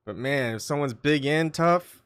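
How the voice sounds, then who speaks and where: A man hosting a solo livestream, muttering his thoughts and asides to himself, often coughing and clearing his throat, on a desktop microphone at home. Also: fairly high pitch, measured pace, a bit bright. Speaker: livestream host. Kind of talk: rambling solo livestream chat.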